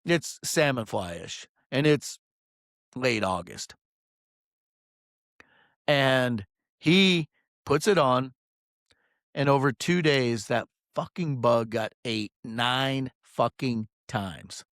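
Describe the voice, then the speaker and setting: A fishing guide talks casually into a close mic, rambling and swearing as he tells his story. His voice sits at a middle pitch for a man. The sound is dry, with no echo. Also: extremely slow, pauses often, a bit bright. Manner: rambling, profane, many "um"s.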